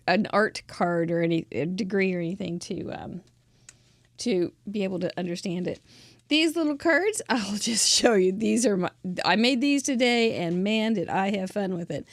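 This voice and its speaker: A woman's voice: medium pitch, dry recording. A woman hosting a craft show, chatting in an effusive, gushing way and laughing often as she shows cards from viewers. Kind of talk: casual live-show chat.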